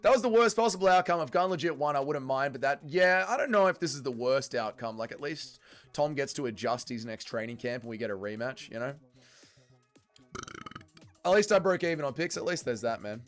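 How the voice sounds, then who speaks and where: A young man hosting a casual watch-along livestream, reacting to chat in an animated, swearing way. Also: mid-range voice, a little fast, faint music behind. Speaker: livestream host.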